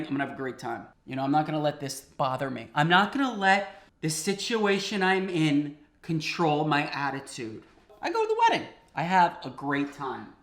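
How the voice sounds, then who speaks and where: In a home kitchen, a man hosting a cooking video tells a comic story in an animated, conversational style, laughing often. His voice is a little high.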